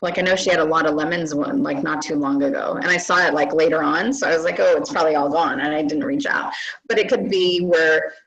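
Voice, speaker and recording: A woman guest expert giving casual marketing advice on a webinar, relaxed and full of fillers. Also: low voice, fast talker, low-quality recording.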